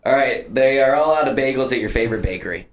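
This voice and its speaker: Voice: medium pitch, lively intonation, fast talker. A host leading a casual chat and party game, teasing, laughing a lot and hamming up old-timey voices. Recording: echoey room with noise.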